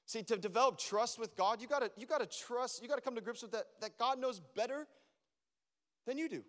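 A man preaching a sermon as a pastor, animated and acting out his own prayers to God. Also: extremely high pitch, fairly quick. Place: church. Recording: long reverb of a church hall.

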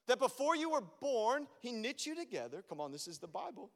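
High-voiced pastor preaching in an echoing church. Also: male voice, fairly quick. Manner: animated, acts out prayers to God. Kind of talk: sermon. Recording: long reverb of a church hall.

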